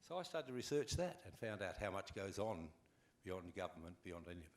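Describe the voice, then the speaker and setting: A man's voice: low-pitched, brisk. An older man with an Australian accent, an actor telling wry stories as a guest on a convention panel. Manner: animated, wry, acts out anecdotes. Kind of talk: relaxed anecdotal storytelling.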